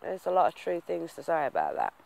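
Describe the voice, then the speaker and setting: A man's voice: on the high side, wildly swooping pitch, fairly quick, gravelly, a little mellow, a little hiss or hum, poor audio. A man talking casually to the camera in a vlog, rambling and waffling with lots of fillers in a reflective, earnest way. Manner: rambling, self-confessed waffler, many fillers. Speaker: vlogger.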